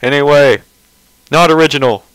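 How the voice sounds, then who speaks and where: A man's voice: on the high side, moderate pace, a bit bright, clear, resonant tone, no echo, poor audio. A man giving casual, rambling commentary on a webcomic page, mocking and sarcastic, often restarting his sentences.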